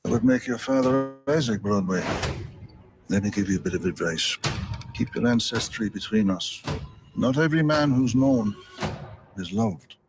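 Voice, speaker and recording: An actor playing a stern frontier sheriff who gives warnings in a film trailer. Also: male voice, on the low side, moderate pace, long pauses, lightly acted. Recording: trailer audio over music.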